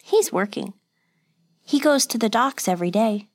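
A woman's voice: a little high, lively intonation, moderate pace, dry recording. A woman voicing a small frightened boy. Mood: plain. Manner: childlike, short simple answers.

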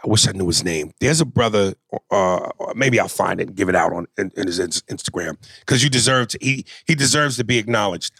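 A man's voice: fairly low pitch, animated, brisk, vocal fry, few pauses, a bit bright, slightly rough, dry recording, clean studio sound. A man co-hosting a casual podcast chat, joking loosely and swearing freely. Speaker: podcast co-host.

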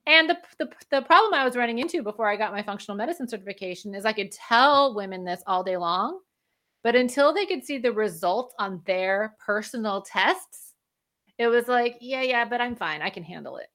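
A woman's voice: on the high side, animated, fairly quick, bright, forceful tone. A woman guest speaking as a functional medicine practitioner, explaining in a conversational way and laughing often. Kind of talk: conversational interview.

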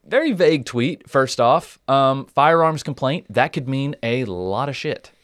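Male host, mid-pitched, dry close sound, casual storytelling with joking asides. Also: expressive, unhurried, fairly bright tone, no echo. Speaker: podcast host. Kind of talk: casual podcast chat.

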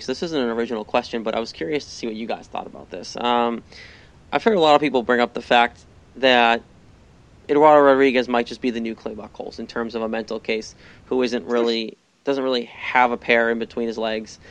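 A man's voice: mid-range voice, brisk, a bit bright. A man co-hosting a podcast in casual sports chat, with many "um"s and "like"s. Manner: casual, lots of 'um' and 'like'. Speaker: podcast co-host.

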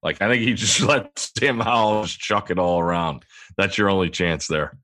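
A man's voice: low-pitched, fairly even intonation, normal speed, fairly bright tone, no echo. A man speaking as a guest analyst in casual sports chat, rambling and correcting himself. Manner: rambling, self-correcting talk.

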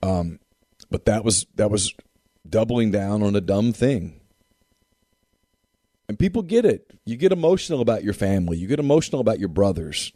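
A man with a low, mellow voice, holding forth on a sports talk show. He talks emphatically, repeating phrases to drive his points home. The sound is dry and close. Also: sing-song, moderate pace, pauses often, no echo.

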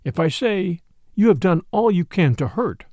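Quiet, calm little priest detective in a radio-style story, read by a man. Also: high-pitched, moderate pace, dry recording, studio quality. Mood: calm, grave. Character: little mild-mannered male priest detective.

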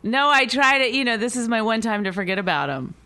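A woman's voice: fairly high pitch, very animated, a little fast, pushed and bright, clear, resonant tone. A woman co-host chatting casually on a phone call, easygoing and self-deprecating, laughing often. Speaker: podcast co-host.

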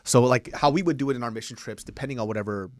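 A young adult man from the United States, a podcast host telling stories in casual comedy chat, animated and peppered with "like" and "right?". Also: mid-range voice, racing, no room sound. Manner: animated storyteller, lots of "like" and "right?".

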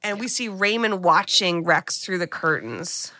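A woman podcast co-host recapping a film in a casual, animated way, acting out characters' lines. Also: lowish voice, a little slow.

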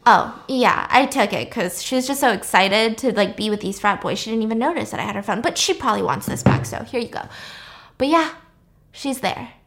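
A woman's voice: on the high side, lively intonation, brisk. A woman voicing a sarcastic, menacing young woman. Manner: sarcastic, mocking, quietly menacing. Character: cold, taunting young woman avenger.

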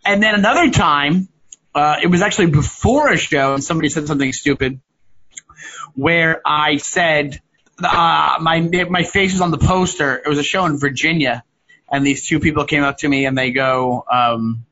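A man, a stand-up comedian, chatting casually over a video call and acting out hecklers with big swings in voice. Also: moderate pace. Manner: animated storyteller, acts out hecklers with loud swings in pitch. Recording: lo-fi call audio.

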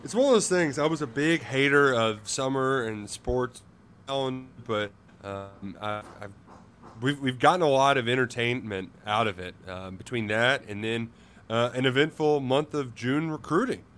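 A man co-hosting a sports podcast from his home, talking in a hurried, halting way with many fillers. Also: mid-range voice, fairly bright tone, a little hiss or hum. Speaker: podcast co-host. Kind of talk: casual sports chat.

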